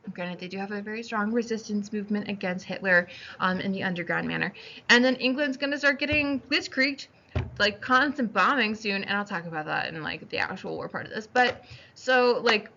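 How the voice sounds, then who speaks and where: A woman giving a casual history lecture, chatty and animated, slipping into quick voices for historical figures. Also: medium pitch, dull audio, slight background noise. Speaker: history teacher.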